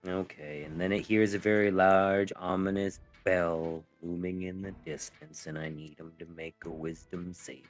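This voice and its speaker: Player, male, very deep voice, playful and jokey. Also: fairly even intonation, soft background music. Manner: jokey, playful, quick to tease. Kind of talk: casual tabletop game chat.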